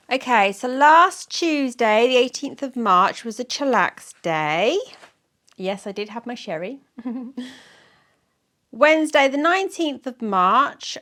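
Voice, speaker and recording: A woman's voice: on the high side, sing-song, a little slow, a bit bright. A woman in her forties chatting casually in a vlog, reading out her week's diary in a rambling, self-mocking way. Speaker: weight-loss vlogger.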